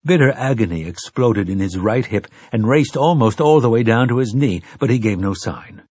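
Husky man narrating an audiobook. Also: mid-range voice, animated, normal speed, darkish tone, no room sound, studio quality. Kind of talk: scripted narration.

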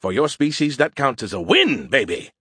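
A man's voice: mid-range voice, big pitch swings, normal speed, pushed and bright, husky, no echo, clean studio sound, full character voice. A man voicing a smug, insulting male alien AI who mocks humans with sarcastic bragging. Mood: gloating. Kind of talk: audiobook character voice.

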